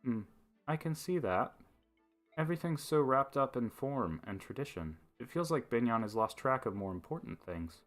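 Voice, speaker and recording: A quiet, sincere young woman knight, as a man reads her, in a soft, earnest tone near his own mid-pitched voice. Faint game music sits behind her. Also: expressive, moderate pace, natural voice.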